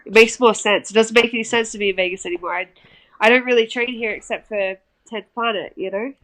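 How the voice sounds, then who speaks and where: An Australian woman in her young adult years joins a podcast over a video call. Her voice is bright and a touch high, and she talks in a loose, chatty way, laughing easily. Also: fairly even intonation, quick pace, rough recording. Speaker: guest fighter. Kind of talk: casual podcast chat.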